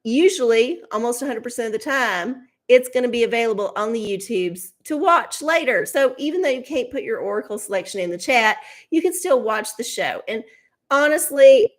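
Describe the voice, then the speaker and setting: A woman's voice: on the high side, lively intonation, moderate pace. A woman hosting a live tarot stream, chatting casually with her viewers, swearing freely and laughing often, from her home setup under studio lights. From Texas.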